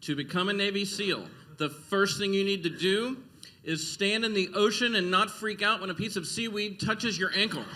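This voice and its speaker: Male stand-up, deadpan one-liners, slightly high voice. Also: moderate pace. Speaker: stand-up comedian. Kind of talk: stand-up comedy set. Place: stage at a comedy club.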